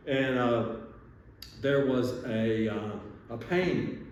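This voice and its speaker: A man's voice: medium pitch, slow, darkish tone, lo-fi sound. A man hosting a podcast, a surgeon telling rambling anecdotes in casual chat with frequent restarts and chuckles. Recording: echoey room, distant mic, faint noise.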